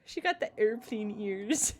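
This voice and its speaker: Giggly woman streamer, reads game narration then riffs on it, lively pitch. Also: slow pace. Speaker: let's-play streamer. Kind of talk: casual game playthrough, reading game text aloud.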